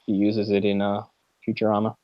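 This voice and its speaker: A man's voice: lowish voice, completely flat delivery, brisk, no echo, dull audio. A man co-hosting a film podcast, chatting casually and rambling with frequent restarts. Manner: rambling, many restarts and fillers. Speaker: podcast co-host.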